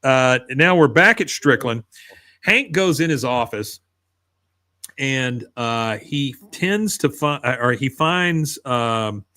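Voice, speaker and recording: A man's voice: mid-range voice, lively intonation, pushed and bright. A man co-hosting a podcast, casually retelling a cartoon episode scene by scene. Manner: retells scenes, putting on quick voices for quoted characters. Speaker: podcast co-host recapping episodes.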